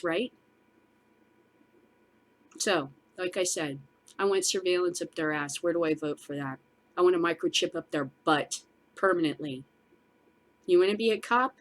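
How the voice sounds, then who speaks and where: Furious profane woman ranting, low voice. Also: normal speed, long pauses, slight background noise. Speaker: show host. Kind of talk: angry casual vlog rant.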